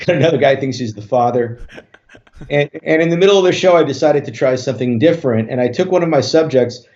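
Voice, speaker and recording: A man, a hypnotist guest on an interview show, tells a story in a relaxed way with many fillers and restarts. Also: medium pitch, fairly quick. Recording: dull lo-fi audio.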